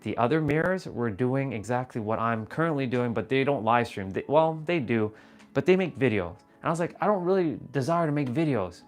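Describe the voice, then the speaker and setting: A man talks casually to his live stream audience, earnest and blunt, with plenty of swearing and repeated phrases. His voice sits at an ordinary middle pitch. Faint music plays behind him. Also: lively intonation, a little fast. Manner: earnest, swearing, repeats himself, addresses chat viewers as brother.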